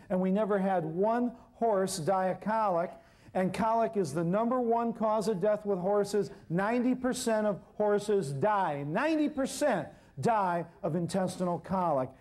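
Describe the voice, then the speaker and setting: A man telling an animated story to an audience, acting out the people in it as he goes. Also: high-pitched. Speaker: herbal healer telling a story on stage. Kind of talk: storytelling lecture.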